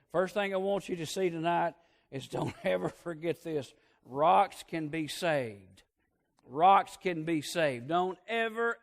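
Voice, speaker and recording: Folksy preacher, slightly high voice. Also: male voice. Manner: folksy storytelling, swinging between loud emphatic peaks and hushed low asides. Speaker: pastor. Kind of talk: sermon.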